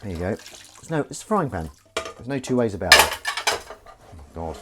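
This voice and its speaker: A man's voice: fairly low pitch, very animated, brisk, very noisy. A man chatting casually on a live stream while washing up in his home kitchen, rambling and joking at his own expense. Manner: rambling, jokey, self-deprecating. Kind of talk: casual chat. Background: clinking dishes and pans.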